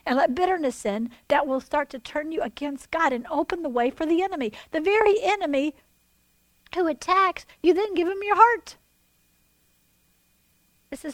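High-voiced woman preaching with dry sound. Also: moderate pace, no echo, low-quality recording. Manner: animated, voices God and others in quoted asides, swings between loud and hushed. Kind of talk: sermon.

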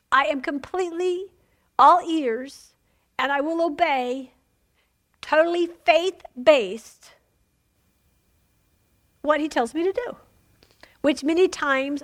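A woman's voice: high-pitched, takes it slowly, pauses often, a bit bright. A woman teaching a women's Bible study in an informal sermon, chatty, laughing often and asking "Amen?" of her listeners.

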